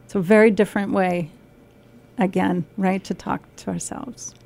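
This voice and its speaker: A young woman speaks gently on a radio program, explaining ideas step by step. Her voice is warm and mellow, never sharp. She sometimes acts out a harsh inner voice, then returns to her calm tone. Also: medium pitch, moderate pace, vocal fry. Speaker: guest speaker on nutrition.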